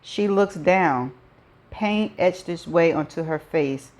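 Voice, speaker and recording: A woman's voice: on the low side, slow, a little mellow. A woman host reading a first-person novel aloud, dropping in her own chatty asides.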